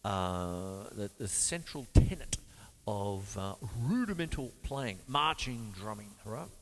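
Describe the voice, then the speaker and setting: A man's voice: on the low side, animated, slow, heavy background noise. A man from Australia hosting a casual drum lesson, talking loosely through ideas and scatting beat syllables between demonstrations. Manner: chatty, loose explanations with sung beat syllables. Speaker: drum teacher and show host. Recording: long hall reverb with loud drums. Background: drum kit playing.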